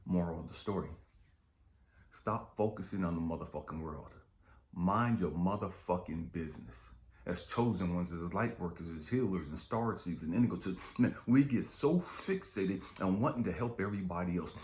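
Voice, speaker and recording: A man with a very low voice tells a motivational story, casual and profane, often asking his listeners if they follow. His voice bounces around a roomy space. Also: normal speed, a little mellow. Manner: street-casual, profane, keeps asking "you know what I mean". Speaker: spiritual coach and speaker. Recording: roomy echo.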